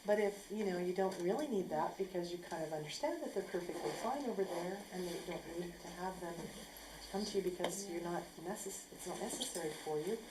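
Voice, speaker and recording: A woman telling a personal story casually, acting out what people said in an animated way. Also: lowish voice, quick pace. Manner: animated, acts out quotes. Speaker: speaker sharing a personal story. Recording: echoey room with faint noise.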